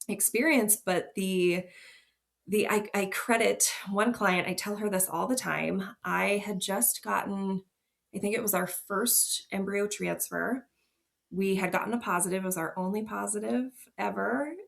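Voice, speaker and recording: A woman's voice: medium pitch, creaky, a bit bright. A woman, a fertility nurse guest on a podcast, telling her own story openly and with feeling. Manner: open, emotional storytelling with laughs. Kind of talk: candid podcast interview.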